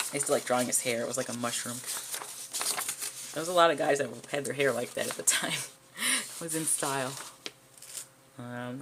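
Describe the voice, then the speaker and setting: Self-mocking woman vlogger, deep, fry-heavy voice. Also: noisy background. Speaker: vlogger and artist. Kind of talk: casual commentary on old drawings.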